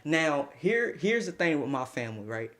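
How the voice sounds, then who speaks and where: A young man streaming a casual storytime, slangy and animated, laughing often as he talks. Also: a little high, moderate pace.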